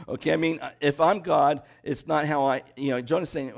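Animated male preacher. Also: on the high side, moderate pace, vocal fry. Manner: animated, conversational, asks the congregation questions. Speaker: pastor. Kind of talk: sermon.

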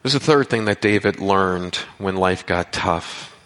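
A man's voice: low voice, a little slow, fairly bright tone. A man preaching a sermon as a pastor, earnest and building to emphatic cries. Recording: long hall reverb.

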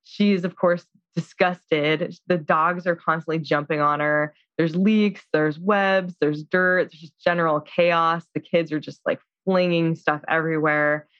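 A woman's voice: sits low, fairly even intonation, unhurried, few pauses, no room sound. A woman casually recapping a film in a chatty, filler-heavy way, acting out the characters' lines. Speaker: podcast co-host. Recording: slightly dull dry sound.

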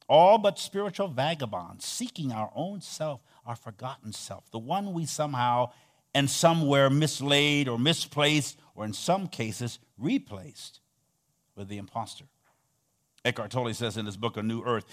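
A middle-aged man preaching a sermon, swinging between loud emphatic peaks and soft near-whispered passages, and having the congregation repeat phrases after him. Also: medium pitch, lively intonation, normal speed. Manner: leads call-and-response, has the audience repeat phrases. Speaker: pastor.

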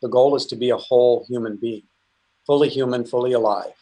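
A man's voice: mid-range voice, steady tone, a little fast, mellow. A middle-aged man teaching about faith in an earnest, conversational way, full of restarts and asides. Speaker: Christian speaker.

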